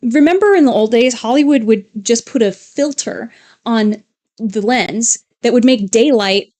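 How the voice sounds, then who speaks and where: A woman's voice: on the high side, measured pace, a little mellow. A woman co-hosting a livestream, chatting casually in a rambling way with restarts. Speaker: livestream co-host. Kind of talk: casual chat.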